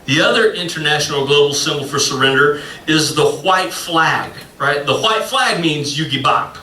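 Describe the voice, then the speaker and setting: A man's voice: on the high side, animated, moderate pace, bright, forceful tone, far from the mic. A man, a pastor telling a rambling, self-mocking story in a sermon, full of fillers. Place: church sanctuary. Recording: echoey room, voice from off-mic.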